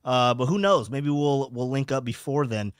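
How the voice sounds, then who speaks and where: A man's voice: medium pitch, normal speed, clean tone, no room sound, studio quality. A young man hosting a casual podcast livestream from a home setup, rambling, repeating himself and reading chat comments aloud. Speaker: podcast host. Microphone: home streaming setup.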